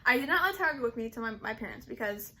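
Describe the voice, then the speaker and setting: A young woman vlogger recounts her own story in loose, chatty speech, her voice sitting a little high. She rambles, circling back with plenty of "like" and "um". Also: animated, very fast, bright, forceful tone. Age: young adult. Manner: rambling, heavy use of "like" and "um". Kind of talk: casual personal storytelling.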